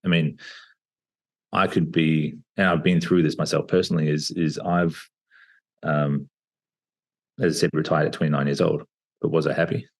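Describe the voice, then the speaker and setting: A man in his thirties, a podcast guest talking reflectively over a video call, with plenty of pauses and fillers. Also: extremely low pitch, little pitch movement, husky. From Australia. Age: 30s. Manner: reflective, hesitant with many fillers. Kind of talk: casual interview talk.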